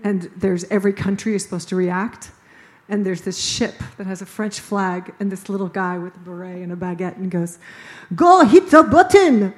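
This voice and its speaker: A woman's voice: lowish voice, little pitch movement, brisk, hardly any pauses, darkish tone. Chatty laughing woman at a panel. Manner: chatty, laughs often between phrases. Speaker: panel participant. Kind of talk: casual spontaneous remarks.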